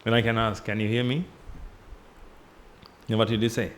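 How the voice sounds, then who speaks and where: A man's voice: on the low side, little pitch movement, normal speed, pauses often, a little hiss or hum. A man giving a Buddhist sermon in a temple hall, teaching through repetition and rhetorical questions and dropping his voice when he addresses his listeners. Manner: drops his voice on "ladies and gentlemen".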